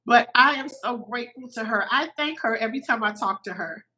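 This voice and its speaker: A middle-aged woman, a podcast guest, telling a personal story in an animated way, a little teary-eyed. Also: on the high side, a little fast, poor audio. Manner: animated, acts out quoted voices.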